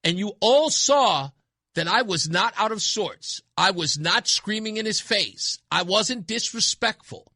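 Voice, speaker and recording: A man's voice: high voice, lively intonation, a little slow, bright, forceful tone, dry recording. A man hosting a talk radio show, speaking bluntly and emphatically into a studio microphone, repeating his points for effect. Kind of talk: opinionated talk radio monologue.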